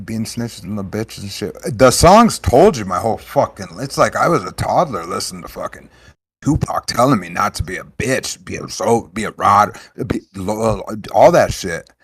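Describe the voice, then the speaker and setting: Young male stream host, very low voice, dry close sound, profane rambling rants. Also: husky, no room sound. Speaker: show host. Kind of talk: casual livestream chat.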